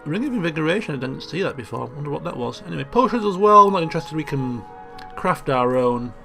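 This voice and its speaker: A man's voice: on the high side, animated, fast, vocal fry, pushed and bright. A man giving chatty, joking commentary as he plays a video game. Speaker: let's play host. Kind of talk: casual gameplay commentary. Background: game music.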